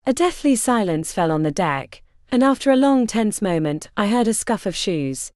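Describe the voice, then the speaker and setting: A woman reading a fantasy romance audiobook as first-person narration, with expressive delivery. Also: mid-range voice, normal speed, hardly any pauses, dry recording, clean studio sound. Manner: expressive, varied character voicing.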